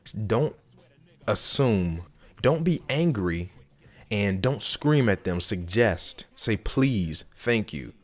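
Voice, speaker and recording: A man's voice: fairly low pitch, lively intonation, slow pace. A man hosting a gaming video who gives casual, emphatic advice straight to his viewers, repeating his points and calling them y'all. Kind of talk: casual advice vlog to camera.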